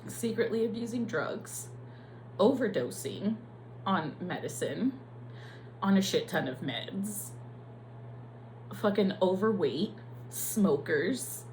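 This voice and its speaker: A young woman nurse speaks candidly in a confessional vlog, her voice sitting at an ordinary middle pitch. She is blunt and profane, and her feelings come through plainly. A faint hum runs underneath the recording. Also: animated, slow pace, long pauses, a little mellow, poor audio.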